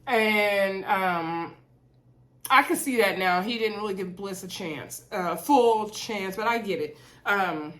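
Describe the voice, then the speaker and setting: A chatty, opinionated woman, talking through a reality show recap for her channel. Her pitch sits in a middle range, and she rambles casually with plenty of "um" and "like" and quick asides. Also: fairly bright tone.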